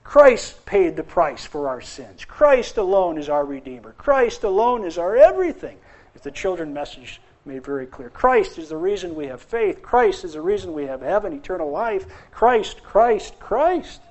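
A man with a high voice delivers a sermon in an emphatic preaching style. He repeats key phrases and builds them with rising force. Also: big pitch swings, normal speed, a little mellow. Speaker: pastor.

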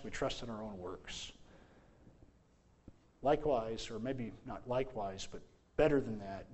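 A man preaching a sermon as pastor, asking rhetorical questions and reading scripture slowly, with emphatic swings in loudness. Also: mid-range voice.

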